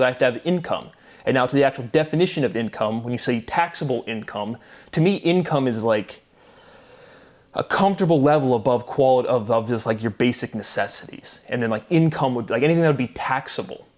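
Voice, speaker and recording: Vlogger, male, mid-pitched voice; long agitated rambling monologue, repetitive, profane. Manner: swears often. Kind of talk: solo monologue to camera.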